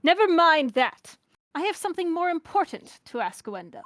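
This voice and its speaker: An imperious gentleman with a clipped, impatient transatlantic delivery, as a woman puts him on. He sits high and swings his pitch widely. This is a game voiced during a playthrough. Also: lively intonation, a little fast. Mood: haughty. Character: haughty, imperious man with a transatlantic accent. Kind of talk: voicing a game character in a playthrough.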